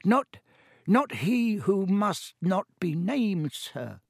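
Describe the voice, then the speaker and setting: A man voicing a timid, anxious male house-elf servant who speaks in a fearful, halting, hushed way. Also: sits high, very animated, creaky, no room sound, clean studio sound, pitched above the performer's own voice, exaggerated voice. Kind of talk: audiobook character voice.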